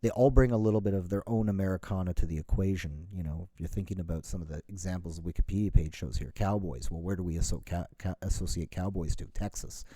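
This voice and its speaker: A man's voice: deep voice, quick pace, hardly any pauses, warm tone, no echo. A middle-aged man from Canada in a casual solo talk, rambling and correcting himself, with many "you know"s. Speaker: podcast host.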